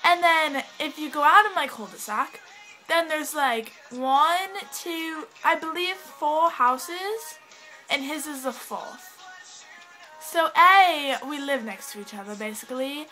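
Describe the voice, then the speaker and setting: A woman's voice: high voice, takes it slowly, pushed and bright, rough recording. A teenage girl chatting in a rambling, sidetracked way to a friend, with a put-on British accent. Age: teens. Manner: rambling, giggly, easily sidetracked. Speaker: vlogger. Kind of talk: rambling casual vlog to a friend. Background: faint pop music.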